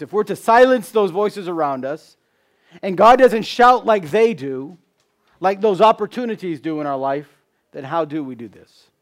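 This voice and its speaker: A man preaching a sermon, asking rhetorical questions, repeating key phrases, and dropping from loud emphasis to hushed tones. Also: sits high. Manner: swings between loud emphasis and hushed drops.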